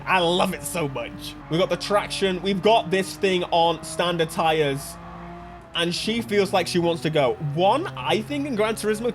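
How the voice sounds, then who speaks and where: A man with a high voice gives lively commentary over a racing game. He jokes around and laughs easily, with faint music playing in the background. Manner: excitable, jokey, laughs often. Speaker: gaming channel host.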